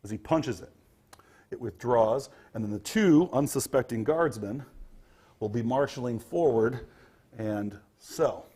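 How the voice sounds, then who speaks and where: Slightly husky and mid-range, a male game master runs a tabletop session, describing each scene in vivid detail. He often says "um" and restarts his sentences along the way.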